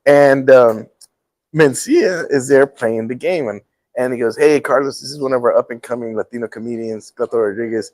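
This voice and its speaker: A man's voice: mid-range voice, normal speed, poor audio. A middle-aged man hosting a casual talk show, telling a story and acting out the quotes with laughs. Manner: animated, acts out quotes with laughs. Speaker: host.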